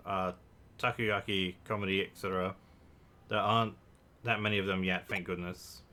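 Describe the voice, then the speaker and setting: A man's voice: on the low side, steady tone, a little fast, sharp tone. A man rambles through casual let's-play commentary, correcting himself mid-sentence and cracking jokes. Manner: rambling, self-correcting, joking asides. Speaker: game streamer.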